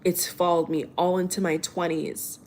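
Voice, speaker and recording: A woman in her late twenties speaks in a somewhat low voice, telling a personal memory to her viewers. She is earnest and emotional, and she keeps restarting and repeating her phrases as she searches for the right words. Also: flat delivery, normal speed, darkish tone, slight background noise. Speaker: spiritual channel host. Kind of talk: heartfelt personal monologue.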